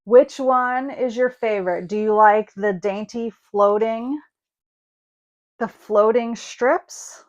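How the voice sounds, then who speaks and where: A woman's voice: fairly high pitch, slow, dull audio. A woman hosting a casual online card-making class, chatting as she works. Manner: chatty, thinks aloud while working. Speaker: craft class host. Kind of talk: casual craft demonstration.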